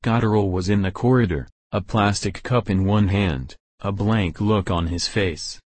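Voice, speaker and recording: A man narrating a first-person audiobook in a measured, steady way. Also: on the low side, no echo.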